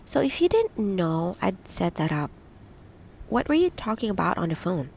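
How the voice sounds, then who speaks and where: Brief: caring, blunt young female friend, brisk and earnest, read by a woman narrator. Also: mid-range voice, sing-song, creaky, darkish tone, a little hiss or hum.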